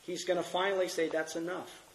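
A man's voice: high-pitched, flat delivery, fairly quick, rough recording. A middle-aged male pastor teaching a sermon with earnest scripture reading while fighting a cold and coughing. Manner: earnest, reads scripture aloud.

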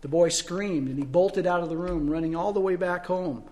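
A male pastor preaches a sermon in a high-pitched voice at normal speed, telling stories and posing rhetorical questions. His volume swings between loud and soft.

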